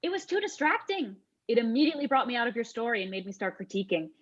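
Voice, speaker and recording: A woman's voice: fairly high pitch, big pitch swings, fast, highs cut off. A young actress playing an earnest young woman terrified of chimpanzees, speaking in an overly formal, dramatic manner. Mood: chiding. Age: young adult. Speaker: actor in a student comedy sketch. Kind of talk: stage comedy dialogue.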